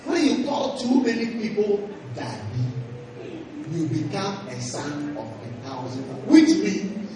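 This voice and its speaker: Male pastor, high voice, emphatic preaching with call-and-response; distant mic in a booming, noisy hall. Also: huge pitch swings, slow. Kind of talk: sermon. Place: large hall at a camp meeting. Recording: echoey hall, voice from far off, noisy.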